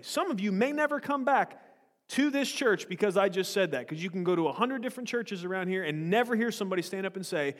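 A man's voice: high-pitched, expressive, fast talker. A man preaching a sermon in a church, blunt and confrontational with joking asides. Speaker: pastor. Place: church sanctuary. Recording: long echo of a large hall.

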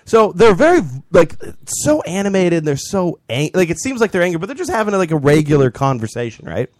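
A man's voice: sits high, very animated, a little fast, no echo. A young man co-hosting a podcast, casually rambling through a story with lots of animation. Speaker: podcast co-host. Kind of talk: casual chat.

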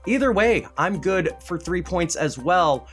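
A man's voice: high voice, faint music behind. A man hosting a word game podcast, keeping score and teasing the players. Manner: animated, teasing, rapid bursts of scorekeeping. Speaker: game show host.

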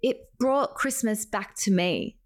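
Chatty woman rambling warmly. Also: mid-range voice, a little slow. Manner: animated, rambling, acts out quotes. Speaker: podcast co-host. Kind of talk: casual chat.

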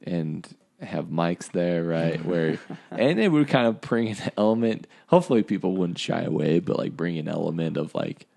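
A man co-hosting a casual chat, musing aloud with drawn-out phrasing. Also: low voice, lively intonation, creaky, a little mellow.

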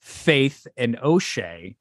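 A man's voice: mid-range voice, sing-song, extremely slow, no room sound, studio quality. A man hosting a casual podcast, rambling through the setup of an improv game with fillers and laughs. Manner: rambling, laughs between phrases, lots of fillers. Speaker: host. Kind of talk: casual podcast chat, setting up improv skits.

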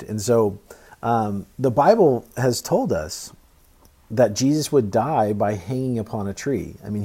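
Man, pastor, low mellow voice, casual halting sermon. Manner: conversational, halting preaching with fillers and restarts.

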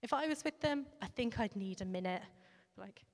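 A woman giving a sermon in a reflective, conversational way, now and then pausing with fillers. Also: on the high side, expressive. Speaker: preacher. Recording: long reverb of a large hall.

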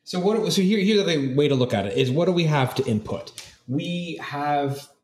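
A man's voice: fairly high pitch, animated, normal speed, darkish tone. A man playing as a guest in an audio puzzle game, working through clues aloud with frequent restarts. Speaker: guest player. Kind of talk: casual game chat. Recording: roomy echo.

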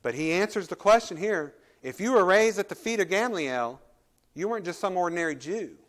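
Male pastor, high-pitched, sermon delivery with scripture reading and emphatic explanation. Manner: reads scripture aloud then explains it, rising and falling emphasis.

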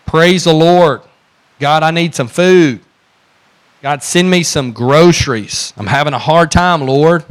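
A male preacher voicing a bold older woman who shouts praise from her front porch, loud and exultant. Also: fairly high pitch, slow pace, clear, resonant tone, pitched above the performer's own voice.

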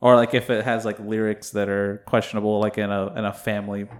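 Low-voiced laid-back man chatting. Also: flat delivery, fairly quick. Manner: laid-back, hesitant, laughs often. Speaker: podcast co-host. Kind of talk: casual chat.

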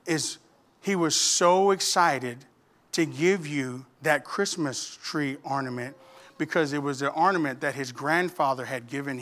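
A male preacher voicing a kind female schoolteacher who speaks in a hushed, slow, tender way. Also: a little high, pitched below the performer's own voice.

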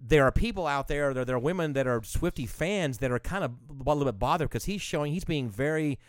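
A man co-hosting a casual podcast, quick-witted and teasing, often cutting in. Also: on the high side, animated, no echo, clean studio sound. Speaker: podcast co-host. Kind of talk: casual chat.

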